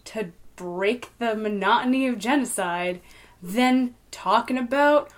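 Slow-talking, giggly woman co-host. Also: on the high side. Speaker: podcast co-host. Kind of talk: casual podcast chat.

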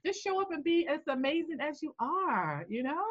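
A woman coach telling an animated story in a podcast interview, acting out the voices she quotes. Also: moderate pace, highs cut off. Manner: animated storyteller, acts out quoted voices with big pitch jumps. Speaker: coach and founder.

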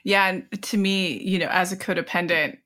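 A woman's voice: lowish voice, steady tone, normal speed, fairly bright tone. A woman hosting an interview, affirming her guest and steering the conversation.

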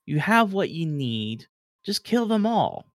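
A man voicing a villain's whiny young son who speaks impatiently and a bit higher. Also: big pitch swings, slow, dry recording, studio quality. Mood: whiny impatience.

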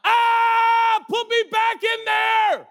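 A man voicing a newborn baby, shouting and whining. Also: very high voice, monotone, extremely slow, big-room sound, voice pushed up, exaggerated voice. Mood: wailing. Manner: shouting, whiny. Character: wailing newborn baby, upset at being born.

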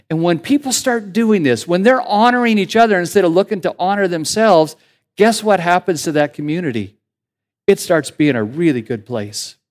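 A man preaching a sermon as pastor in a conversational, animated way, building to emphatic points. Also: a little high.

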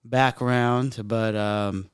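Laid-back man with a smooth voice. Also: medium pitch, steady tone, no echo, studio quality. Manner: quick to laugh, short reactions, joking asides. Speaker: podcast host. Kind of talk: casual chat.

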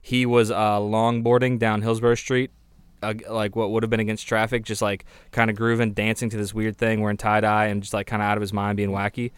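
A podcast co-host tells a story from behind the counter, laughing and acting out customers in other voices. His voice is smooth and clear, and it sounds close and dry, with no room around it. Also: on the low side, level tone, a little fast, no echo. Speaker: record store worker. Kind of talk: casual chat.

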